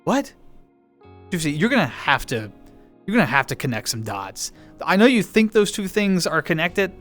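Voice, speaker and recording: A man's voice: fairly high pitch, big pitch swings, normal speed, a bit bright, faint music behind. A man, casually chatting with viewers on a live stream, reading chat aloud and laughing often.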